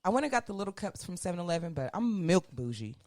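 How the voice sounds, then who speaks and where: Co-host, woman, dry close sound, very lively pitch, quick reactions and laughter. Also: dry recording. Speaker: podcast co-host. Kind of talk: casual chat.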